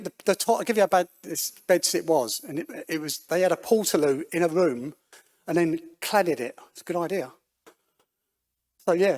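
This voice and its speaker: Middle-aged man, church testimony speaker, rapid animated storytelling, higher voice. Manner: animated storyteller, acts out quoted voices, many restarts. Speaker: guest speaker giving testimony.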